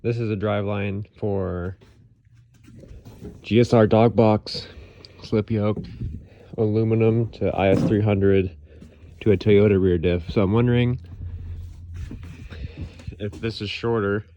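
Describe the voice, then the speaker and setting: Laid-back young guy, lowish voice, faint garage noise behind, casual build vlog. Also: fairly even intonation, slow pace, pauses often, mellow, highs cut off. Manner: laid-back, chatty, uses car slang. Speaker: car builder vlogger. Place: car garage workshop.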